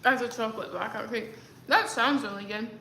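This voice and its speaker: A young woman with a high, bright voice rambles through a casual livestream chat, full of fillers and restarts. She sounds like she is in an echoey room. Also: a little fast, vocal fry, slight background noise. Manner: rambling, chatty, many fillers. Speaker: livestreaming creator.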